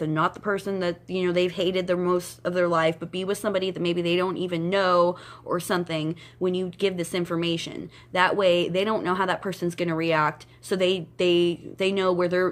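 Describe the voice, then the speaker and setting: A woman's voice: on the low side, fairly bright tone. A woman giving twin flame psychic advice to her viewers, talking bluntly and emphatically, repeating her points and addressing them directly. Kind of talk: casual spiritual advice monologue.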